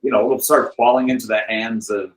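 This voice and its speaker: A man guest on a podcast, telling stories in a rambling, animated way with many "like"s and "you know"s. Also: mid-range voice, brisk, low-quality recording. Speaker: guest, film director and author. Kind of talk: casual podcast interview.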